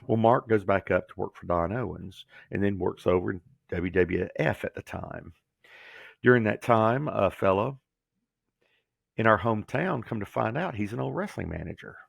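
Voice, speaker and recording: A middle-aged man with a deeply gravelly, somewhat husky voice tells his story in an animated way. He slips into the voices of the people he quotes. The sound is dry and close. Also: normal speed, dry recording. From Georgia, USA. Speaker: guest, former pro wrestler. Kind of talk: storytelling interview.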